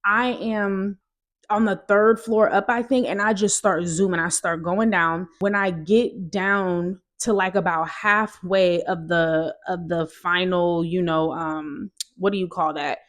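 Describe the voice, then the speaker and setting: A young woman vlogger sharing a personal testimony in a casual, animated storytelling way, talking straight to her viewers. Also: lowish voice, measured pace.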